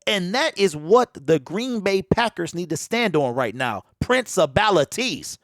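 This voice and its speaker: A man's voice: high-pitched, a little slow, no echo, studio quality. A man giving a fired-up, opinionated solo sports commentary, talking straight to his viewers in loose slang, recorded on a desk mic at home. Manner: animated, preachy, talks straight to viewers with slang. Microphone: home desk mic that pops.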